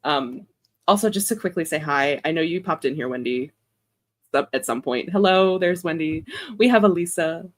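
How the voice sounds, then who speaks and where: A woman's voice: low voice, animated, normal speed. A young woman hosting a casual chat stream, rambling in a chatty way and laughing often. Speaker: author and livestream host.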